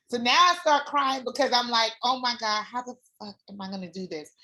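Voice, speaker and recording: A woman guest telling her own story in a casual chat, candid and animated, swearing freely. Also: medium pitch. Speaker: former doula client, guest.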